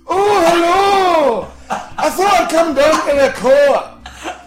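A man putting on a loud, jolly Scottish man with a broad accent, shouting and laughing as he goes. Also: extremely high pitch, animated, roomy sound, voice pushed up, full character voice, poor audio. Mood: boisterous. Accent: Scottish, put on. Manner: shouting, cackling, slow and broad.

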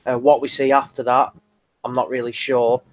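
A man in casual podcast chat about boxing, speaking in a measured way with frequent restarts. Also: mid-range voice, little pitch movement. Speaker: podcast co-host.

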